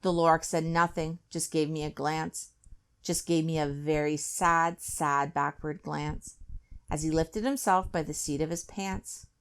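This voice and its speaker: A woman reading a rhyming children's book aloud with an expressive, rhythmic delivery. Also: low-pitched, measured pace, clean tone. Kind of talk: read-aloud storytelling.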